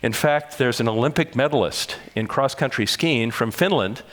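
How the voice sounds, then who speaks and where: A man's voice: mid-range voice, a bit bright. Older man lecturing in a big echoing hall. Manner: measured, explanatory, with self-corrections. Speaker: conference speaker. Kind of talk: public lecture. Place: large conference hall. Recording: long reverb of a large hall.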